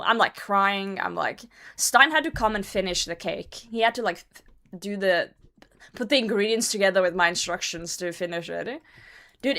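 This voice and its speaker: A woman streamer telling a story in a casual, animated way, swearing often and laughing as she goes. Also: medium pitch.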